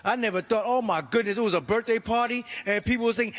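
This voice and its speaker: A middle-aged man doing an animated stand-up comedy set, exclaiming and acting out voices. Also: extremely high pitch, quick pace, big-room sound. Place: church comedy stage.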